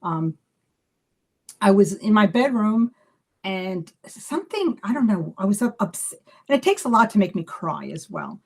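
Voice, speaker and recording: A woman's voice: medium pitch, measured pace, breathy edge. A woman talks in a loose, chatty way on a live stream. She tells stories with animation, stopping and restarting her sentences and slipping in plenty of fillers. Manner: animated storyteller acting out dialogue. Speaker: psychic medium. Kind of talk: casual live video chat.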